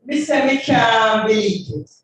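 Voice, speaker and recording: A woman's voice: a little high, animated, unhurried, slight background noise. A woman with a Jamaican accent chanting a dub poem emphatically, then moderating a session. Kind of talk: rhythmic dub poetry recitation, then moderating. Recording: echoey hall, voice from far off.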